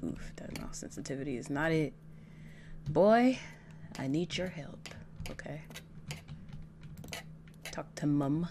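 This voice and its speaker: A woman's voice: low voice, animated, a little slow, pauses often, warm tone, a little hiss or hum. A young woman casually talking through a game as its host, chatty and reactive. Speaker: gaming channel host. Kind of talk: casual gameplay commentary.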